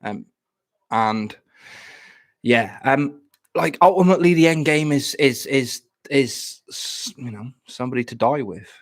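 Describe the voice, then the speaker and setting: A man's voice: medium pitch, unhurried. A young man from Plymouth, chatting casually on a live stream at home, often stammering and repeating words. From Plymouth, England.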